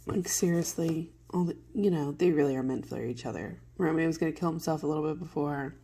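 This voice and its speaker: A woman teacher reading a play aloud and explaining it to students in casual, modern paraphrase, with throat clearing from morning allergies. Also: low voice, fairly quick, warm tone, slight background noise. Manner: conversational, paraphrases lines in plain modern words.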